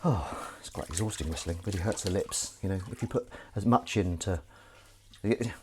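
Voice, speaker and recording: A man's voice: low voice, moderate pace, very noisy. A man hosting a live stream as he washes up, rambling and joking at his own expense and swearing casually. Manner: jokey, self-mocking, chatty, swears casually. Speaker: livestream host. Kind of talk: rambling live-stream chat while washing up.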